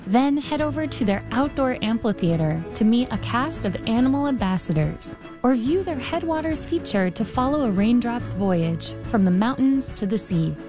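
A woman's voice: on the high side, expressive, normal speed, few pauses, music in the background. A woman announcer reading a scripted, upbeat promotional ad. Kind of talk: scripted radio ad read.

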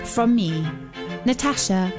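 A woman reads a classic fairy tale in a gentle, measured voice, neither high nor low. Her delivery is expressive and unhurried, with a faint violin playing beneath her. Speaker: storyteller. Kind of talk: scripted storybook narration. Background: soft violin music.

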